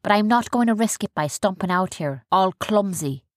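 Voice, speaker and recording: A woman voicing a cautious older man pirate captain, hushed, commanding. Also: medium pitch, expressive, moderate pace, no room sound, studio quality, voice pushed up, lightly acted.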